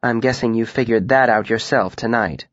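A worldly young woman with a sharp tongue, blunt and wry, as a male audiobook reader voices her. Her voice sits at a middling pitch, dry and a little dull on the recording. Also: normal speed, no echo, lightly acted. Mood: brisk, practical. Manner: blunt, wry, by turns gentle and scathing.

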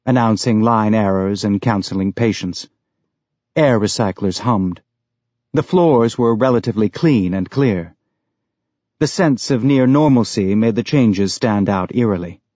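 Male audiobook narrator: steady, even read, dry and deadened studio sound. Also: fairly low pitch, no echo. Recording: dry, dull lo-fi recording.

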